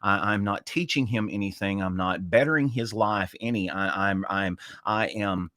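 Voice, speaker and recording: A man in his forties co-hosting a casual chat, telling a story with passion and sharp emphasis. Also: lowish voice, moderate pace, no echo, studio quality. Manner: impassioned, storytelling with emphatic swings. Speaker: co-host.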